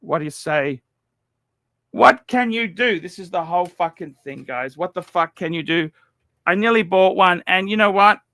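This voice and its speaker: A man hosting a watch livestream, rambling and cursing, repeating himself and swinging between loud outbursts and low mumbles. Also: normal speed, dry recording. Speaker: livestream host.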